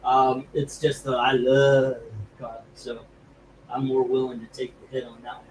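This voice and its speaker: A man's voice: mid-range voice, monotone, normal speed, a little mellow, slight background noise, rough recording. A man hosting a live comic book auction stream, chatting casually and rambling with jokes, feeling sick from food poisoning. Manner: rambling, jokey, laughs easily.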